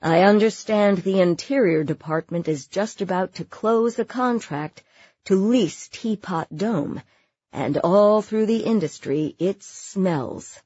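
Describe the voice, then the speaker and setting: A woman reading the quiet, slow warning of a male oil company head. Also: medium pitch, breathy edge, no echo, dull audio.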